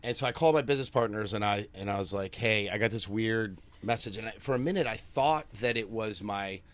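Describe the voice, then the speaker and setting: A man's voice: lowish voice, a little fast, a bit bright. A man, a chef hosting a podcast, chatting in a laid-back way, laughing often and swearing freely. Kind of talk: casual chat.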